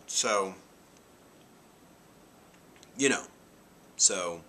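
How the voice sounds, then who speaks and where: A vlogger in his forties casually recounts a meandering story to viewers, peppering it with "you know" and "like," in a very low voice with a bright, forceful edge.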